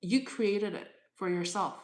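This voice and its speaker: On a live stream, a woman tarot reader firmly lectures a commenter, repeating her points again and again. Her mid-range voice is unhurried, and the room sounds echoey.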